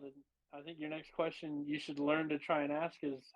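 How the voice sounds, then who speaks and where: Halting man with a slightly high voice, lo-fi. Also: little pitch movement, a crowd in the background. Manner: encouraging, halting, filler-heavy. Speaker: podcast host. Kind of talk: casual podcast chat. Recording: dull lo-fi recording.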